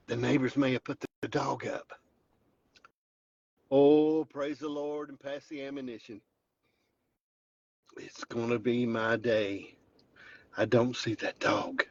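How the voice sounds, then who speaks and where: A husky-voiced man with a Southern Appalachian accent talks into a phone from his truck. He spins a joking, mock-dramatic tale. The sound is slightly dull and lo-fi. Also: mid-range voice, fairly even intonation, takes it slowly, pauses often, no room sound. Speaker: vlogger host. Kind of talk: joking storytelling vlog. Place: in a truck driving home.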